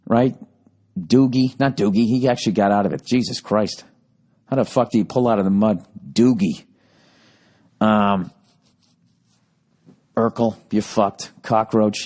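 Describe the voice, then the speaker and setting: A middle-aged man hosting a podcast, telling rambling comedic stories full of swearing and sudden jumps in pitch. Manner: profane, animated storytelling with sudden pitch jumps. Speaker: podcast host.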